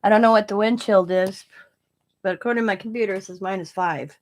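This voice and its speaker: A woman's voice: medium pitch, fairly even intonation, fast talker, slight background noise. An older woman from Wisconsin, a craft channel host, rambling through family stories while crafting and laughing at her own tales. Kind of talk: casual chat while crafting live.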